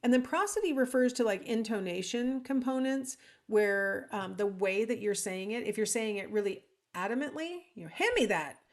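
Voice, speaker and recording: Speaking at normal speed with a fairly high, darkish voice, a woman teacher records a chatty lecture by herself at home or in an office. Frequent ums and listener asides fill her talk, and she performs sample lines with varied intonation.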